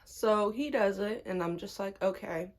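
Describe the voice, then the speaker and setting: A young woman telling a personal story in casual chat, animated and laughing often, her pitch jumping up when amused. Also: normal speed.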